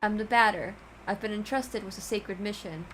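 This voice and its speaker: A woman's voice: mid-range voice, normal speed, a bit bright, faint music behind, natural voice, poor audio. A woman reading the lines of a terse, solemn man on a sacred mission, in a game.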